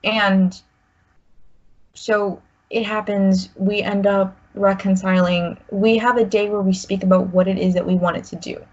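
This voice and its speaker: A woman's voice: mid-range voice, little pitch movement, a little slow, darkish tone. A woman in her twenties telling a personal story, rambling with many "like"s and restarts. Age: 20s. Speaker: guest sharing a personal story. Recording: slightly muffled recording.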